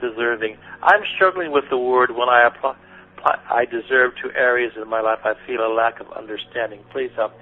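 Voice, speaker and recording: A man working as a spiritual teacher, giving gentle guidance and answering listeners' questions in a soothing, repetitive way, calling them honey and sweetie. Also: medium pitch, brisk, faint music behind. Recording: phone-like lo-fi radio recording with faint noise.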